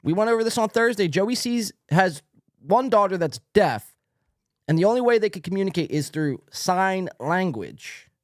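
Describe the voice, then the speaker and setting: A man's voice: high voice, very animated, normal speed, dry recording, clean studio sound. A man hosting a podcast, giving sarcastic, mocking commentary on video clips with lots of swearing. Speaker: podcast host.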